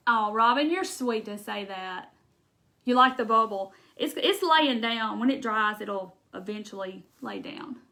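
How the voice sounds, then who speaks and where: A woman's voice: fairly high pitch, expressive, measured pace, sharp tone. A woman with a Southern accent, hosting a casual live crafting chat, talking her way through each step and laughing often. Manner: chatty, folksy, laughs often, thinks aloud. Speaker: craft livestream host.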